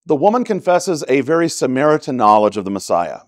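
A man's voice: mid-range voice, sing-song, fairly quick, no room sound, studio quality. A man with a Texan accent teaching a church Bible study in a conversational way, often checking in with "right?". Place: church classroom.

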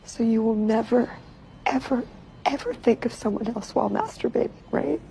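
A woman's voice: on the high side, normal speed, vocal fry, dark tone, slight background noise, low-quality recording. A woman in a comedy sketch who keeps insisting and pressing for a promise. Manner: insistent, demanding.

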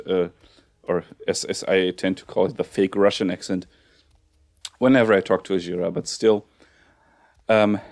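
A man's voice: low-pitched, creaky, a little mellow, dry recording. A man hosting a let's-play, chatting casually about what he is doing in the game, rambling and joking at his own expense, on a headset mic. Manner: rambling, chatty, self-mocking. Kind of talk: casual gameplay commentary.

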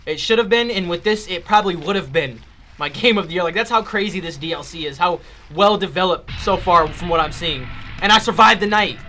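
A man playing a video game and commenting live, excitable and loud, trash-talking enemies and swearing when scared. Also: high voice, brisk, faint music behind. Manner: trash-talks enemies in a playful street tone. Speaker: gaming YouTuber. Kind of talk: let's play commentary.

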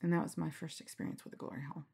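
A middle-aged woman telling candid stories in a relaxed interview, frank and quick to laugh, acting out the lines she quotes. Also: deep voice, vocal fry, husky. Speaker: storyteller guest. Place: lying down in a quiet room.

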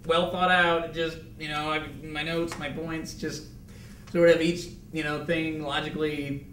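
Caught unprepared, a quality control manager gives a rambling self-introduction at a business meeting, nervous, stammering, and laughing. He speaks a little slowly in a slightly high, bit bright voice with little pitch movement. Picked up from far off in an echoey conference room on a video call, the audio carries a little hiss or hum.

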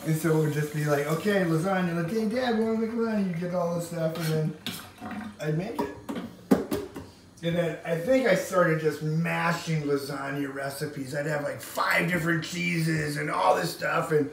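A man's voice: a little high, fairly even intonation, normal speed, vocal fry. A man from Wisconsin rambling through food and family stories as he cooks in his home kitchen, acting out voices as he goes. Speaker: home cook and vlogger. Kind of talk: rambling storytelling while cooking. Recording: very echoey room, mic far off, background noise.

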